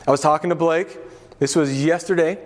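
A man's voice: a little high, steady tone, brisk. Chatty pastor man preaching casually. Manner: conversational, anecdotal, frequent fillers and asides. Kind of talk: casual sermon teaching.

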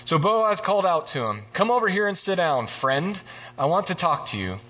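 A man giving a casual, joking sermon, retelling scripture and acting out the characters in quick voices. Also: high-pitched, sing-song, a bit bright, a little hiss or hum. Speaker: preacher.

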